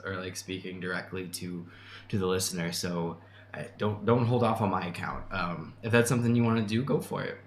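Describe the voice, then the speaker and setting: Low-voiced man chatting in an echoey room. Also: a bit bright, slight background noise. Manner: chatty, laughs often, restarts sentences. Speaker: channel host answering chat. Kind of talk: casual livestream chat. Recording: echoey room with faint ambience.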